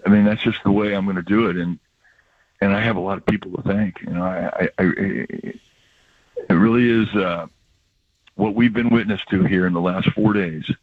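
An older man with a husky, somewhat low voice talks in a reflective, rambling way, telling stories as a radio regular. The sound is dry and dull, like a lo-fi radio broadcast. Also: dry recording. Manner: reflective, rambling storyteller with laughs. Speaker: baseball broadcaster, regular guest. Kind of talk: emotional casual radio chat.

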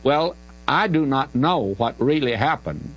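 An older man with a drawl teaches the Bible on the radio, his pitch rising and falling with lively emphasis. He talks in a folksy, conversational way and presses his points hard. A steady mains hum runs under this archival radio recording. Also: unhurried, breathy edge, muffled recording. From Southern United States. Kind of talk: radio Bible teaching, answering listener questions.

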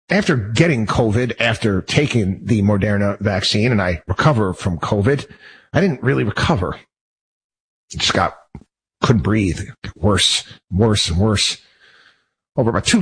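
A man's voice: lowish voice, lively intonation, a little slow, a bit bright, slightly rough, rough recording. A man hosting his own show, talking in a heated, rambling monologue full of restarts and repeated phrases. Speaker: show host. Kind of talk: personal monologue.

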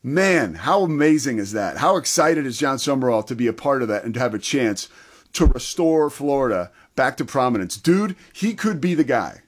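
A man's voice: medium pitch, big pitch swings, moderate pace. A man co-hosting a sports talk show, chatting enthusiastically about football. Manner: enthusiastic, conversational.

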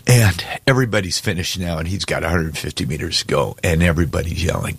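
A man co-hosting a casual talk show, telling a story with deep feeling and choking up at times. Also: quick pace, vocal fry, few pauses, husky. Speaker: co-host. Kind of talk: casual chat.

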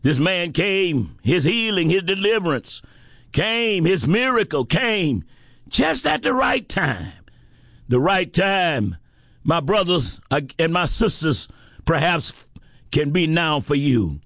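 In an impassioned sermon, a man's high, sing-song voice swoops up into shouts and sinks low again. He speaks slowly, drawing lines out and repeating phrases for weight, and the recording is dry and close with no echo.

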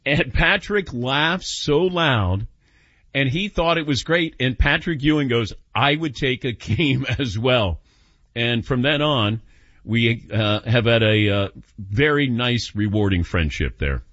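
A man's voice: medium pitch, unhurried, no room sound, dull audio. A man hosting a sports call-in radio show, telling a story and acting out the voices in it. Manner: animated, acts out quoted voices. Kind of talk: storytelling and taking calls.

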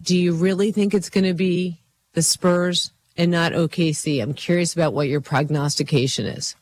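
High-voiced, animated sports talk host. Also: male voice, moderate pace. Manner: animated, joking, rambling with fillers.

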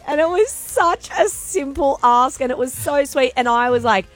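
A woman in her forties co-hosts morning radio and tells stories with an animated, sing-song lilt. She laughs often. Soft music plays under her voice. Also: a little high, moderate pace. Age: 40s. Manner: chatty, laughing, animated storyteller. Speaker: radio co-host. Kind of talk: casual breakfast radio banter.

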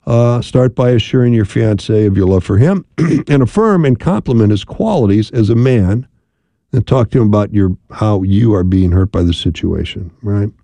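A man with a lowish, creaky voice hosts a call-in radio advice show as a marriage therapist. He speaks calmly and measuredly, often checking in with "right?", and there's no room sound.

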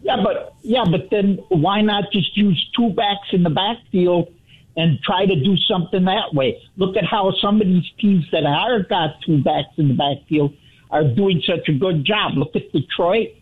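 Man, radio caller, high husky voice, insistent, tinny phone line. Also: unhurried. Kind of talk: phone-in call.

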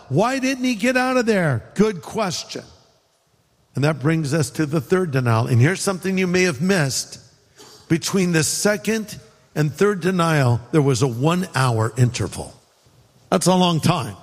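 A man from California preaching a sermon, conversational and joking, slowing down for emphasis. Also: high voice, long reverb tail. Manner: conversational, joking, shifts between quick asides and slow emphasis. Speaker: pastor.

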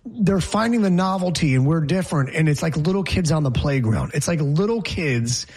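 Husky, higher-voiced sports talk host. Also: male voice, animated, moderate pace, a little mellow. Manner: opinionated, rambling, joking. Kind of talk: sports talk show banter.

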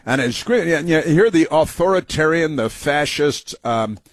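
A man's voice: on the high side, animated, unhurried, dry recording. A man hosting a talk show, giving mocking, sarcastic political commentary over played clips. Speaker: radio talk show host.

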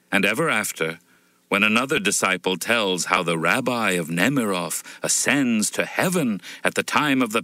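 A man narrating a folk tale in a measured, expressive storytelling manner. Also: fairly low pitch, no echo, rough recording. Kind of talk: audiobook storytelling.

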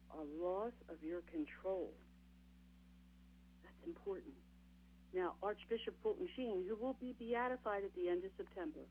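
A woman delivers a sermon with a husky, breathy edge, her pitch rising and falling widely. She presses her points by repeating them and calls out to her listeners as friends. The sound is narrow and tinny, like a radio call-in line. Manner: emphatic, repeats key phrases, addresses listeners as my friends. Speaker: preacher.

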